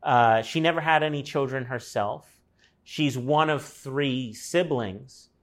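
A man's voice: mid-range voice, takes it slowly, a bit bright. A man telling a personal story in casual conversation, acting out the people he quotes and swearing now and then.

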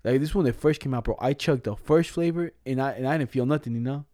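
Young man, mellow tone, dry close sound, slangy profane storyteller in a casual chat. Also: medium pitch, quick pace, dry recording. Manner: slangy, profane, laughing while telling a story.

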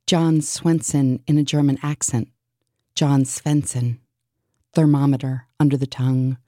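A woman reciting a surreal spoken-word list in a deadpan, absurd manner. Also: sits low, dry recording, clean studio sound.

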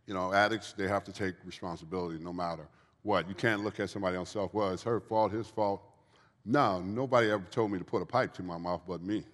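A deep-voiced man speaks fast with a fairly bright tone, giving earnest, preachy testimony about his recovery during a church Q&A and often repeating phrases. He's a guest speaker in a church event hall, and the recording carries the long reverb of a large hall.

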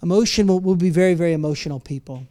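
Talking very fast in a mid-range voice, a pastor delivers a sermon at a church service. He alternates quiet reflection with loud emphatic outbursts, frequently restarting words and tossing in playful asides.

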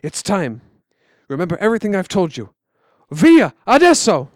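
A man's voice: sits high, lively intonation, brisk, darkish tone, no echo, pitched above the performer's own voice. A stern father hurrying his family out, played by a man. clipped and commanding, with a dry close sound. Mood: urgent.

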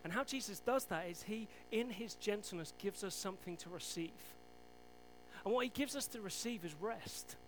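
High-voiced preacher telling Bible stories. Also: male voice, normal speed, faint music behind, rough recording. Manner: storytelling, animated, self-deprecating asides. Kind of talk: sermon.

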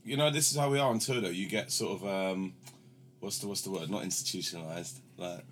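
Young male podcast host, low-voiced, rambling, sweary storyteller. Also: fairly quick, a bit bright, slight background noise. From London, England. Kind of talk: casual banter.

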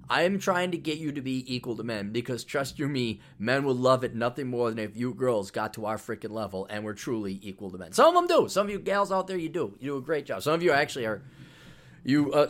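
A man's voice: medium pitch, a bit bright. A middle-aged man talks casually and bluntly on his podcast. His tone is brash and sarcastic, and he swears freely as he promotes his books. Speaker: podcast host.

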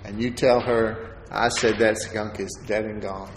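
A man giving a sermon testimony as a preacher, telling his story in an animated way and acting out the voices of the people in it. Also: on the low side, unhurried, slight background noise. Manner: animated storyteller, acts out quoted voices with laughter. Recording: echoey hall with faint ambience.

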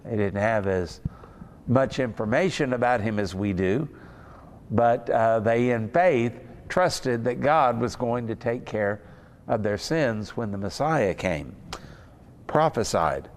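A man preaching a sermon in an unhurried, conversational way. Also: medium pitch, animated. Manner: conversational, unhurried, with fillers and asides.

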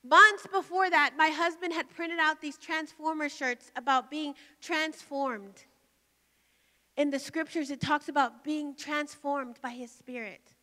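High bright woman preacher, middle-aged, telling her story all worked up, big echoey hall. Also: unhurried. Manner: emotional, storytelling with rising intensity. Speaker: pastor. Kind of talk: sermon testimony. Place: large hall at a conference. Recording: long hall reverb.

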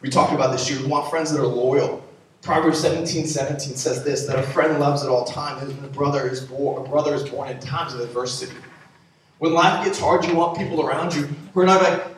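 A man's voice: a little high, steady tone, brisk, a little hiss or hum. Young male youth pastor, playful preaching, far from the mic in a big echoey hall. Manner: playful, joking asides to the audience. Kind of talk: youth sermon with live demonstration.

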